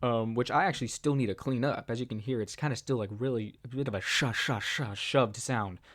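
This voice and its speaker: A young man talking casually to camera about voice impressions, rambling with many fillers and jumping into squeaky character voices. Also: fairly quick, a bit bright. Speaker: voice impressionist, video host.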